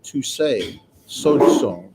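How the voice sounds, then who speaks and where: A man's voice: medium pitch, expressive, drawn-out words, very noisy. A man teaching a classroom lecture on grammar, explaining patiently and reassuringly with frequent filler sounds. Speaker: Greek grammar instructor. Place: classroom with students.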